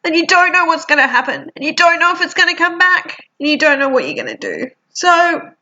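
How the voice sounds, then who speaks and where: A woman's voice: very high voice, sing-song, brisk, pushed and bright, highs cut off. A woman, talking frankly in a personal vlog, teary and sniffly, swearing freely. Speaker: vlogger.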